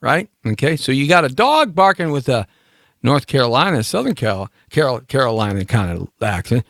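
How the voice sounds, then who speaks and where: A man's voice: medium pitch, big pitch swings, moderate pace, vocal fry, fairly bright tone, no room sound, studio quality. A man hosting a live talk show in a casual, rambling, playful monologue, speaking directly to his listeners.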